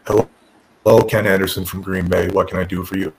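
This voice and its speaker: A man imitating a male wrestling booker who talks in a flat, deadpan monotone, lower than his own voice. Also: fast talker, noisy background.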